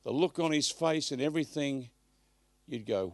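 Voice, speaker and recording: A man preaching a live sermon at a church service, emphatic, swinging from loud bursts to hushed asides. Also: fairly high pitch, moderate pace, no echo.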